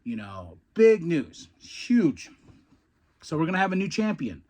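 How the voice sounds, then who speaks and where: A man's voice: on the high side, big pitch swings, measured pace, darkish tone. Rambling, stammering man chatting about wrestling. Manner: rambling, repeats words, laughs often. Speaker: podcast host, former wrestler. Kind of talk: casual storytelling and wrestling recap.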